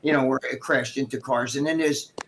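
A man's voice: mid-range voice, normal speed, a little hiss or hum. A middle-aged man casually telling stories on a live stream, swearing freely and acting out what other people said. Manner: profane, animated, acts out quoted dialogue. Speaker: guest co-host.

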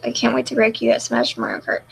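Deadpan young woman with a gravelly voice. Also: a little high, fast talker, slight background noise, poor audio. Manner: deadpan, self-mocking, fake crying. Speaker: live streamer. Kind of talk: casual live-stream chat reading comments.

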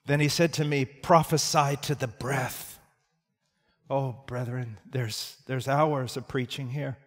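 A man preaching a sermon, telling a story quietly and then rising to loud, fervent shouts. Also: medium pitch, steady tone, slow. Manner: storytelling, swings from hushed to shouting. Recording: reverberant hall.

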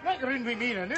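A man with a Glaswegian accent playing a loud, mocking Glasgow street philosopher in a sitcom. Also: very high-pitched, exaggerated voice. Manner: brash, mocking, shouty. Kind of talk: sitcom acting.

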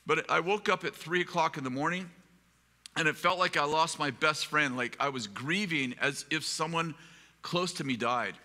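Male pastor, fairly high and very bright voice, self-deprecating storyteller, hall reverb. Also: moderate pace. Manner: humorous, rambling, self-deprecating. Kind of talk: storytelling sermon. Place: live event hall.

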